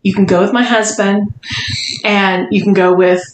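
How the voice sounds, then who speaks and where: A woman's voice: mid-range voice, little pitch movement, moderate pace, slight background noise. A woman on a casual podcast, telling a long story and acting out the other people's lines. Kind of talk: casual chat. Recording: roomy echo.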